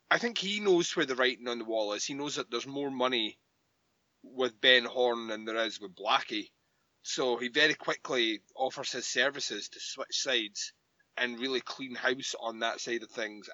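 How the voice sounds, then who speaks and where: A man co-hosting a podcast in casual chat, swearing freely, quick with jokes and then earnest about the show. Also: mid-range voice, sharp tone, no echo. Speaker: podcast co-host. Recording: dull lo-fi dry mic.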